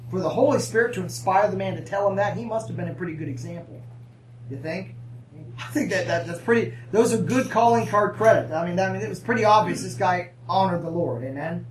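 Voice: medium pitch, fairly quick, slight background noise. Roomy, distant preacher calling for amens. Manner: call-and-response, asking the congregation for amens; conversational, with humorous asides and laughs. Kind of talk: sermon. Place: church sanctuary. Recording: roomy, distant mic, faint ambience.

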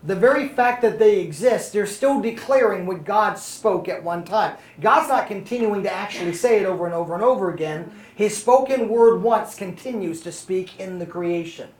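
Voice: mid-range voice, expressive, moderate pace, few pauses, a little mellow. Conversational Bible study teacher in an echoey room. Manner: conversational, often checks in with "okay?" and "are you following?". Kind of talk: Bible study lesson to a small group.

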